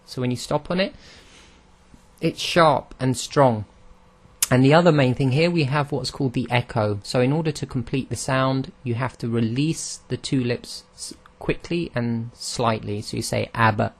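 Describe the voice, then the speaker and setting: At a normal speed, a man with a mid-range voice teaches Arabic letter pronunciation in a recorded lesson. He breaks it down patiently and models each sound out loud for learners to copy.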